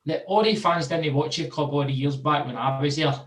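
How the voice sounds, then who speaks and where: A man's voice: on the high side, fairly quick, a bit bright. A Scottish man hosting a football podcast, laughing and teasing his guests in casual banter. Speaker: podcast host. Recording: echoey room, away from the mic.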